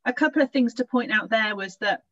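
A woman's voice: a little high, a little fast, a bit bright. A woman hosting a casual chat, supportive and casually swearing. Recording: dull lo-fi sound.

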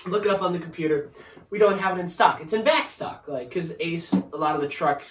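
A man in casual chat, telling an animated story about work, acting out quotes and laughing often. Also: sits high, fairly quick. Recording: roomy echo, far from the mic, faint noise.

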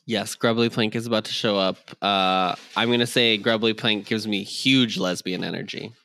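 A man's voice: fairly low pitch, steady tone, creaky, pushed and bright. A man co-hosting a podcast, chatting casually and wryly recapping a book chapter. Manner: wry, recaps the plot with quick quoted voices. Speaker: podcast co-host. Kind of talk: casual chat.

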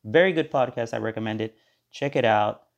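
A man's voice: mid-range voice, fairly quick, gravelly. A man hosting his own podcast, talking in a rambling, sarcastic monologue and slipping into mock-cheerful voices of others. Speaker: podcast host. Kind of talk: casual monologue.

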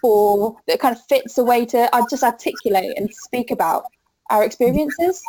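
A woman's voice: fairly high pitch, normal speed, mellow, rough recording. Thoughtful woman interviewer. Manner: thoughtful, with tag questions and hedging fillers. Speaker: interviewer host. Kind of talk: conversational interview.

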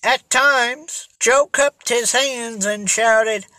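An audiobook narrator reading a children's mystery at a slow, even pace. The voice is bright and close to the mic, in a dry, dead room. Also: mid-range voice, no echo. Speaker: audiobook reader.

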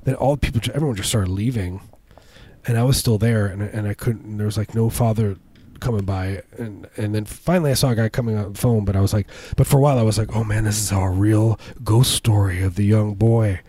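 A man co-hosting a casual comedic chat, telling rambling, absurd stories with lots of restarts and squeaky voices for the people he quotes. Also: quick pace, warm tone, no echo.

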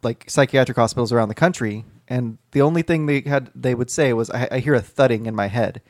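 A man's voice: medium pitch, a little fast, a little mellow, no room sound, clean studio sound. A man who works in mental health, co-hosting a casual group chat and explaining things in a rambling way with lots of fillers. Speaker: podcast co-host, mental health professional.

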